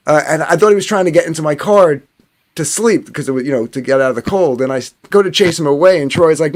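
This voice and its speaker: A man's voice: mid-range voice, expressive, quick pace. A man from New Jersey telling a long story in a rambling, casual way, full of fillers and swearing. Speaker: podcast panelist.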